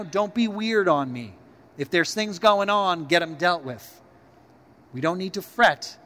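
A man preaching a sermon as pastor, talking in a conversational, animated way and telling stories to his church. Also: high voice, long reverb tail.

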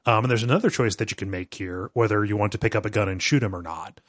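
A man co-hosting a podcast, telling stories in animated casual chat with frequent chuckles. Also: lowish voice, fast, dry recording, studio quality. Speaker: podcast co-host.

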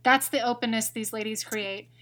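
Bright-voiced woman reading reviews briskly. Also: a little high, fairly even intonation. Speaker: podcast co-host. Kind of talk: casual chat reading listener reviews.

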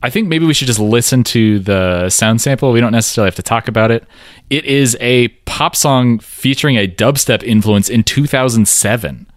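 A man co-hosting a casual music podcast, easygoing and quick to laugh at himself. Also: medium pitch, dry recording, studio quality. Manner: laughs a lot, easygoing, self-mocking. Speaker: podcast co-host. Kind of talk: casual chat about music.

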